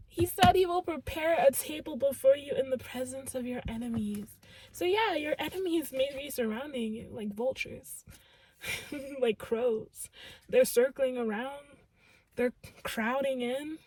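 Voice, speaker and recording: High husky woman reading tarot. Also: measured pace, a little mellow. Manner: earnest and emphatic, heavy use of "like" and "literally". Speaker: tarot reader. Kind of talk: casual channeled tarot reading.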